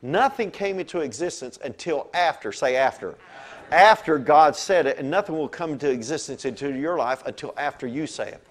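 A male pastor preaching a lively sermon, telling stories and swinging between soft asides and loud exclamations. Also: on the high side, a little fast, hardly any pauses.

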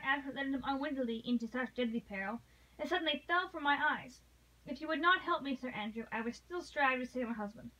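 A woman's voice: sits high, sharp tone, distant mic, low-quality recording. A woman voicing a noble English lady who pleads with passion, read aloud from a novel. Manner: impassioned, pleading.

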